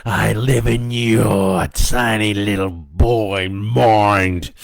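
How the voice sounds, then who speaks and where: A man voicing a taunting, cruel devil in a read-aloud story, drawing out his words slowly and loudly. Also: lowish voice, fairly even intonation, vocal fry, no room sound, studio quality, heavily acted. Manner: slow drawn-out menacing taunts. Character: taunting sneering devil, male, ancient and cruel.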